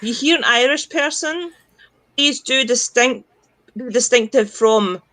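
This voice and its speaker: A woman's voice: on the high side, a little slow, a bit bright, no room sound, low-quality recording. A Scottish woman from the central belt, a livestream guest chatting casually, swearing freely and laughing through rambling stories. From Scotland. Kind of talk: casual chat.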